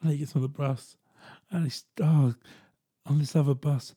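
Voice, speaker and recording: Husky, dry-voiced man telling a story. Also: a little high, no room sound. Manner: chatty, animated retelling with quick voiced asides. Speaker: podcast host. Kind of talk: casual storytelling monologue.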